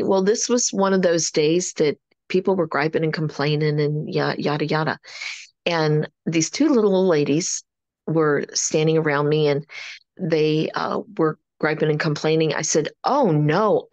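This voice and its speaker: Speaking in a lowish voice with no audible room sound, this woman leads an online meeting as a coach. She preaches upbeat motivation and plays out quoted exchanges using animated voices.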